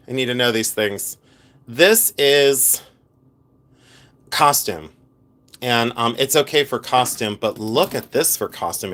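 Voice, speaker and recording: A man's voice: medium pitch, fairly bright tone. A middle-aged man chatting casually to viewers on a live stream as a jewelry reseller, playful and scattered, laughing often and breaking off mid-sentence.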